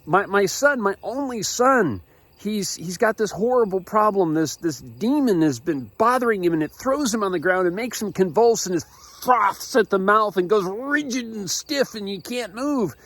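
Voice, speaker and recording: Man putting on a desperate dad, high strained voice, stammering pleas, storybook telling. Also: expressive, normal speed, fairly bright tone, no echo, exaggerated voice. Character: desperate frantic father pleading for his son.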